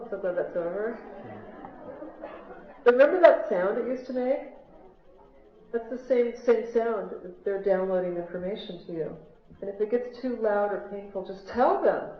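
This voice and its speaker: Recorded from the audience on a handheld MP3 player, this lo-fi, echoey clip captures an American spiritual speaker with a mid-range voice. In a large hall before a live crowd, she tells stories in a chatty way and puts questions to the listeners.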